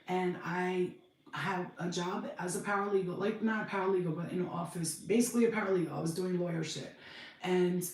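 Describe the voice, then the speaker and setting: A woman, telling her life story on a podcast, blunt and animated, acting out other people's voices. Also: fairly low pitch, brisk, far from the mic. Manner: blunt, animated, swears freely, acts out voices. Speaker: podcast host. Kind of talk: casual storytelling monologue. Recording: echoey room, voice off-mic.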